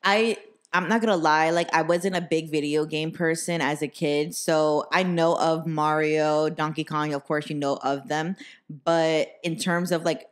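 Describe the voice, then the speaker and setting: A woman's voice: low voice, fairly even intonation, measured pace. A young woman hosting a podcast, telling stories in a blunt, profane, casual way full of "like". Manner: profane, blunt storytelling with lots of "like". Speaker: podcast host. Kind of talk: casual chat.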